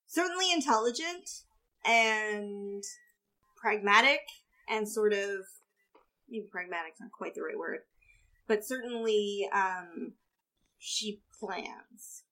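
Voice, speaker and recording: A woman co-hosting a podcast, chatting in a lively way about a theatre production. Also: mid-range voice. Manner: lively, chatty, quick to act out quotes. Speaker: podcast co-host. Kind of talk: casual theatre discussion.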